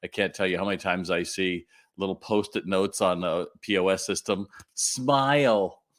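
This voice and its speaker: Middle-aged guy hosting a live q&a, lowish voice, chatty, lots of uh's. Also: brisk. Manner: chatty, animated, many fillers and restarts. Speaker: retail consultant hosting a live Q&A. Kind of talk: casual livestream talk.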